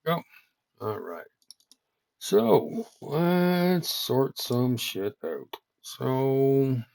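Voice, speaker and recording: Gravelly swearing man ranting on stream. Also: mid-range voice, no room sound. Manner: ranting, swears heavily, stammers when worked up; mutters quietly to himself while using the computer. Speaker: streamer working on a worldbuilding project. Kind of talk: casual solo stream talk.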